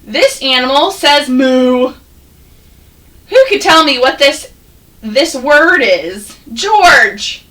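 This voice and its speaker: A woman teaching first graders an online phonics lesson, patient and encouraging, sounding words out slowly. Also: high-pitched, expressive, a bit bright, recorded from a distance, poor audio.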